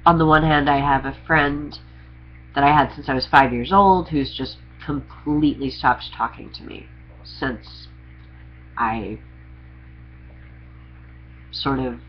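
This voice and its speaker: A man's voice: medium pitch, dull audio, a little hiss or hum. A young trans man talking candidly to camera in a rambling, confessional vlog with sarcastic humor. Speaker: vlogger. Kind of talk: candid personal vlog monologue.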